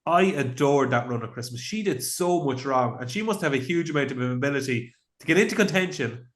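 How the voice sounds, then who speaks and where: A man hosting a racing podcast panel, jumping in with jokey questions and quick remarks. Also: medium pitch, animated. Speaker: podcast host. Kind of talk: hosting a casual panel chat. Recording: roomy echo.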